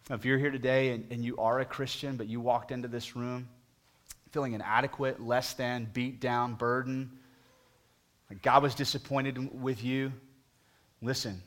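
A man preaching a sermon, pleading with the congregation, moving from booming emphasis to hushed appeals. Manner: talks to the congregation directly with questions. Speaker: pastor.

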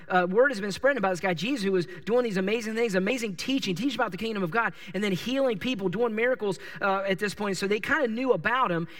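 A male pastor preaching a sermon, telling a story with lively, animated delivery and acting out the people in it. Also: sits high, far from the mic. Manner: animated storytelling, acts out characters and yells their lines.

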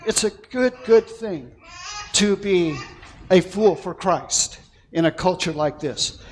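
A male pastor delivers an excited, animated sermon in a high voice, pausing often and taking his time. He breaks off for playful asides to people in the congregation, with a faint hiss of noise in the background.

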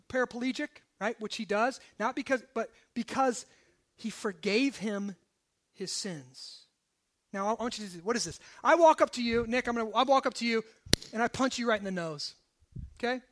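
Male pastor, very high voice, sermon delivery with loud emphatic runs and quiet asides. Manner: shifts between forceful emphasis and hushed low asides. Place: church service.

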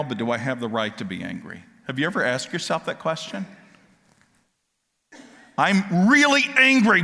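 A man preaching a sermon, dropping to quiet asides and rising to loud, impassioned questions. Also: medium pitch, in a large hall. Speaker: pastor.

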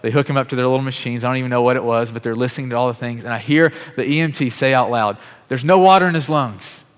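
A man's voice: mid-range voice, rapid-fire, clean tone. A man telling a testimony in a sermon, casual and conversational, acting out the people in his story. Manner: lively storyteller who acts out quoted dialogue; conversational, casual fillers like "like" and "bro". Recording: long reverb of a large hall.

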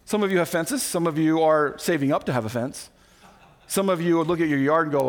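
A male pastor preaching a sermon, animated and conversational, acting out quoted voices with quick asides. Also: a little high. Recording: recorded sermon audio.

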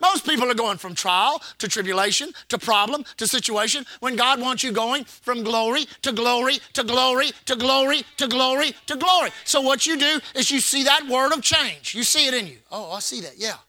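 High bright-voiced male preacher. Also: normal speed, few pauses, no echo. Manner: preaching with call-and-response and repetition. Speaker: pastor. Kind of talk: sermon.

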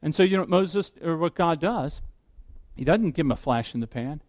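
A man's voice: on the high side, lively intonation, moderate pace, darkish tone, no room sound. A middle-aged man preaching a sermon, earnest and pressing, often repeating words as he drives a point home. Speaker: pastor.

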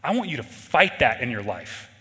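A man preaching a sermon in an earnest way, shifting between loud emphasis and quiet intensity. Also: mid-range voice, sing-song, moderate pace, in a large hall. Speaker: pastor.

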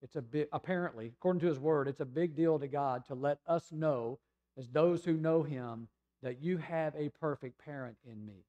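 A man from the United States preaching a sermon in a conversational storytelling way, sometimes dropping to a soft, hushed voice. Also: on the high side, normal speed, dull audio. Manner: conversational storytelling, acting out voices of people in the scripture passage; drops to a soft, hushed voice in tender passages. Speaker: pastor.

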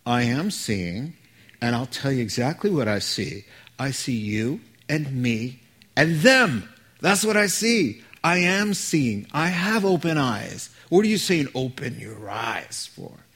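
A man voicing a panicked young male servant who pleads in fast, frantic outbursts. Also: mid-range voice, very animated, a bit bright, breathy edge, exaggerated voice.

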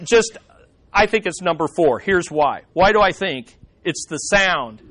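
A man's voice: sits high, animated, unhurried, a bit bright. A man teaching a Bible study lesson in a conversational way, with dry humorous asides and frequent restarts.

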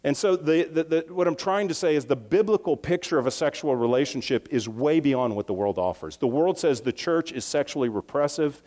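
A man's voice: a little high, lively intonation, brisk, few pauses, darkish tone. A man preaching a sermon in a loose, conversational way, often restarting phrases and breaking into asides. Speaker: pastor. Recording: long hall reverb.

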